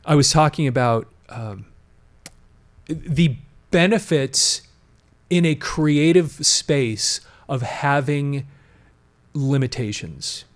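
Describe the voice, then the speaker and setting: A man hosts a casual talk show podcast, offering conversational commentary in a medium-pitched voice. He speaks slowly and pauses often, explaining at length with frequent restarts and emphatic asides.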